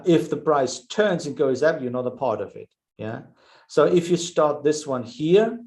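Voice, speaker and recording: A man's voice: medium pitch, a little mellow, low-quality recording. A man hosting a live trading webinar, thinking aloud over charts with frequent "yeah" fillers. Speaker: trading show host.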